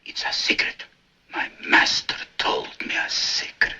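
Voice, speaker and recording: A man playing an excitable old male Russian servant in a film, with a Russian accent, crying out with joy and whispering secrets. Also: fairly high pitch, slow pace, gravelly, breathy edge, highs cut off, heavily acted. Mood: secretive whisper. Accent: Russian, put on. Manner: wildly swooping, cries out with joy, whispers secrets.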